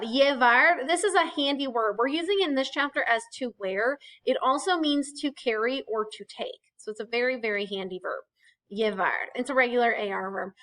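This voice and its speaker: A woman's voice: on the high side, a bit bright, poor audio. A woman teaching a casual recorded vocabulary lesson, chatty and explaining with asides and fillers. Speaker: Spanish teacher.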